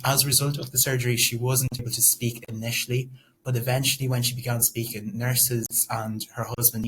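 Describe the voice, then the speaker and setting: Man presenting casually in a flat tone. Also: medium pitch, a little hiss or hum, poor audio. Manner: casual, with fillers and asides. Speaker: student presenter. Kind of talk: semi-scripted class presentation.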